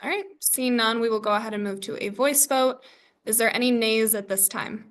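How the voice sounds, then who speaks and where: Brisk woman chairing a student meeting. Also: fairly high pitch. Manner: brisk, scripted, agenda-reading. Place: student government meeting room.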